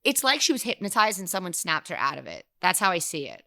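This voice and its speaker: A woman's voice: lowish voice, big pitch swings, gravelly, sharp tone. A woman co-hosting a casual gossip podcast, bluntly recapping reality TV scenes. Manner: brisk storytelling recap, blunt. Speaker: podcast co-host.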